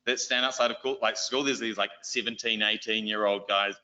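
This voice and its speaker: A man with a New Zealand accent giving a church exhortation, telling a self-deprecating story in an animated way. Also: lowish voice, a little fast. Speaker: lay preacher and schoolteacher. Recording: dull lo-fi recording.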